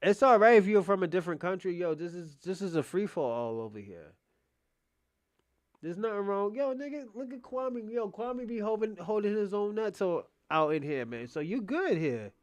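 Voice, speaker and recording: A man doing casual live reaction commentary, animated, loose and profane as he talks to his chat. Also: high-pitched, normal speed. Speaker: streamer reacting to a debate.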